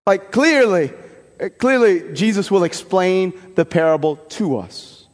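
A man preaching a homily as a priest, in a conversational and animated way with folksy asides. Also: sits high, a little slow. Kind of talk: sermon. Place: church. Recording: long church reverb.

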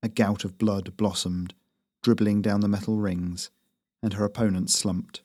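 A man with a low voice reads his own fantasy fiction aloud. His delivery is steady and measured, and the recording is dry and close. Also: dry recording. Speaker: author and narrator.

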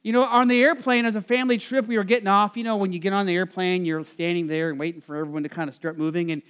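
This Nebraska pastor talks fast, his voice sitting high with a steady, slightly bright, clear and resonant tone. Preaching at a church service, he keeps it conversational, loaded with fillers, and puts questions to his congregation.

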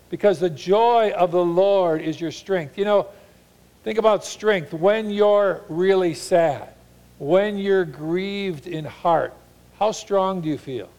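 A man's voice: sits high, a little mellow. Earnest male pastor preaching a sermon. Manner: earnest, shifts into mock voices for paraphrase.

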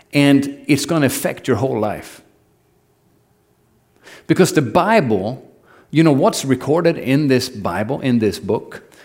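A man preaching a sermon, earnest and building emphasis as he repeats phrases. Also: mid-range voice.

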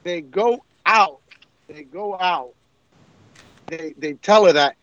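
A man co-hosting a podcast who tells stories in an animated, profane way. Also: sits high, slow, lo-fi sound. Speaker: podcast co-host. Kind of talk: casual chat.

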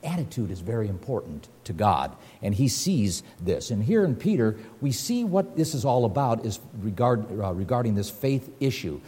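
Older preacher, lively and animated delivery. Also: male voice, mid-range voice, normal speed, big-room sound. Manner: animated, folksy storytelling with scripture reading. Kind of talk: sermon. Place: church hall at a lectern.

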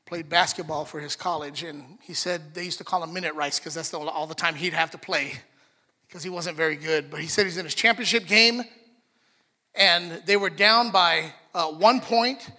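A man preaching a sermon, animated, acting out the story in different voices. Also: on the high side, moderate pace. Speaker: pastor. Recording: long reverb of a large hall.

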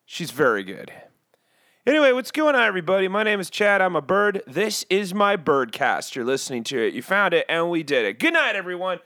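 Man doing a judgmental bird host, rambling, self-mocking, very animated pitch, bone-dry sound. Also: a little fast, no echo, full character voice. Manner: rambling, self-mocking, swings between loud and muttered asides. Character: brash judgmental male bird podcast host. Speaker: podcast host. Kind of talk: comedic podcast monologue.

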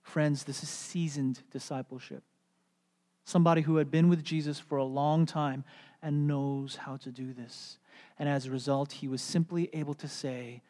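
A pastor preaching a sermon, animated and storytelling, then going soft and hushed. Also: medium pitch, moderate pace, in a large hall. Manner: animated storytelling, drops to soft hushed tones for quoted words.

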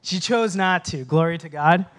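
Male pastor, high voice, late 30s, from Minnesota, sermon, self-mocking humor, prayerful. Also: normal speed. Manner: storytelling, self-mocking humor, then soft prayerful close.

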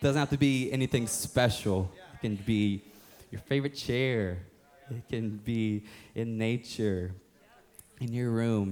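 A man's voice: medium pitch, slow, darkish tone. A young man preaching a sermon as a young adults pastor, casual and joking, often acting out other people's voices.

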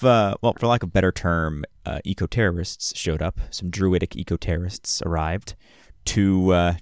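A man running a tabletop game as game master, recapping the story in a hesitant way with many pauses and fillers. His voice is low and smooth, and the recording is close and dry. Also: no room sound.

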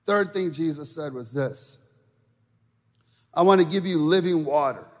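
A man preaching a sermon in church, swinging from quiet talk to shouting and stretching words out. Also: on the high side, unhurried, in a large hall. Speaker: pastor. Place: church sanctuary.

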